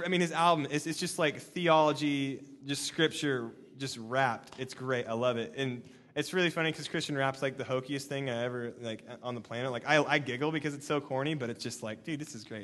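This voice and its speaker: A young man giving a casual, animated sermon, full of fillers and restarts. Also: mid-range voice, in a large hall. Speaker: preacher.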